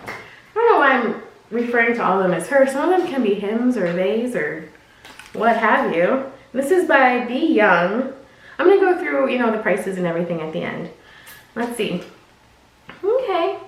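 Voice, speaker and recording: Woman reviewer, high voice, chatty and gushing, boomy distant room sound. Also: sing-song, moderate pace, a bit bright. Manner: chatty and gushing, talks to the clothes. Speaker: clothing subscription box reviewer. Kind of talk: casual unboxing and try-on chat. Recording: echoey room, mic at a distance.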